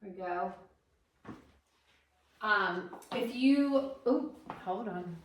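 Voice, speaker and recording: A woman's voice: mid-range voice, drawn-out words, a little hiss or hum. A middle-aged woman, talking bluntly and casually while decorating her home for a vlog. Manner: bold and blunt, folksy.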